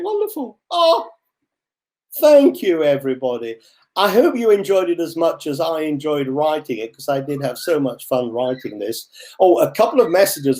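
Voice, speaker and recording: An older man presenting a webinar for learners, telling stories with lively, animated asides over a computer microphone. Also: on the high side.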